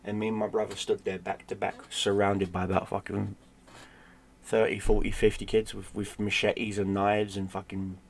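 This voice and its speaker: A man's voice: fairly low pitch, level tone, normal speed. A middle-aged man tells a personal story in blunt, casual speech and swears freely. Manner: blunt, swears freely, drops to a hush for tense moments. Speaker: gaming streamer telling a personal story.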